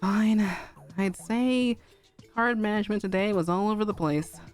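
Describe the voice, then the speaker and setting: A woman's voice: medium pitch, normal speed, soft background music, lightly acted. A woman voicing a cool, aloof young woman who speaks dryly in a fanfic reading. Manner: dry, deadpan. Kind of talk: fanfic read-aloud on stream.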